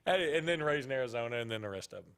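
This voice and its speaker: A man co-hosting a sports talk radio show, chatting casually with strong opinions and quick reactions. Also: medium pitch, animated, a bit bright, clean tone.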